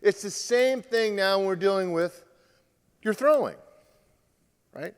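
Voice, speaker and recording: A male pitching coach giving a lively live talk to players and parents, acting out what players say. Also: unhurried, clean tone, big-room sound. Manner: animated, acts out quotes from players. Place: large room with a live audience.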